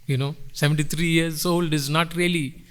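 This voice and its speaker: A middle-aged man preaching a sermon in church, with sweeping swells and drops in pitch and loudness. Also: fairly even intonation, normal speed, smooth. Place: church sanctuary.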